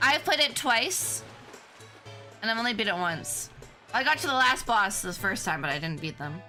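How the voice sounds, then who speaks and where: A young woman giving chatty, excitable commentary while playing a game. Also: medium pitch, moderate pace, soft background music. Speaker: streamer. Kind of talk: casual commentary over gameplay.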